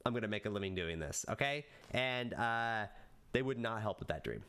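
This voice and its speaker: A man streaming live, chatting casually with viewers and rehearsing lines for a video, jumping into high excited bursts and then dropping to low mutters. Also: normal speed, clean tone. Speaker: VTuber streamer.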